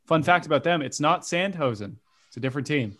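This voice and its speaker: A man's voice: fairly high pitch, expressive, fast talker, a bit bright. A man hosting a casual football podcast, reading out fixtures and asking his co-hosts for their picks in a joking way. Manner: jokey, reads out fixtures and asks for picks. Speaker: podcast host. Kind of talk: casual sports chat.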